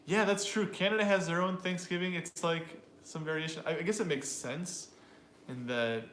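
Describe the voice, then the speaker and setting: A man co-hosting an English pronunciation lesson, repeating example phrases slowly and explaining word stress in a relaxed way. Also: a little high. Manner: slow, drawn-out repetition of example phrases. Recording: roomy with faint noise.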